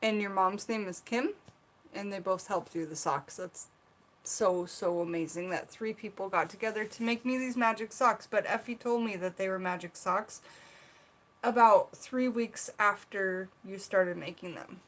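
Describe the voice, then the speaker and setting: A woman's voice: mid-range voice, moderate pace. A woman from South Carolina hosting a casual livestream from her bedroom, reading viewer comments aloud and chatting with them. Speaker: livestream host. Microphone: seated at own camera.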